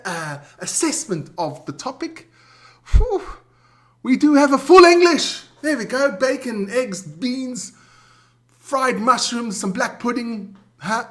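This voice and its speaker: Loud, jokey high-voiced male sports co-host. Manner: loud, swearing, jokey, talks to chat. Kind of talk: casual sports chat with viewers.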